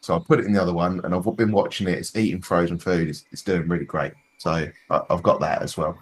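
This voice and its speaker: A Scottish man with a low, husky voice chats with friends on a hobby podcast. He talks freely, restarts his sentences often and swears without a second thought. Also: steady tone, fast talker. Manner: chatty, swears casually, frequent restarts. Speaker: podcast co-host. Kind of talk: casual chat.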